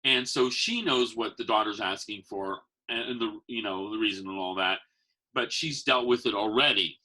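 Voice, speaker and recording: A man, a magician who works as Santa, telling stories in a casual chat and acting out the voices of the people in them. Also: normal speed. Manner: animated, acts out quotes with big pitch jumps. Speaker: podcast guest, magician and Santa performer. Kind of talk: casual storytelling.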